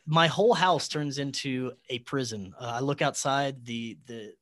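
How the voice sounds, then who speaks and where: A man, a podcast guest, telling a personal story in an excitable way, with sudden jumps in loudness. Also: medium pitch, a little slow.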